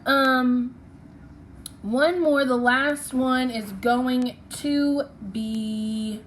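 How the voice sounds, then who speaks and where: A woman's voice: high voice, fairly even intonation, extremely slow, slight background noise. A woman teaching a phonics lesson, patiently sounding out syllables and letters one by one.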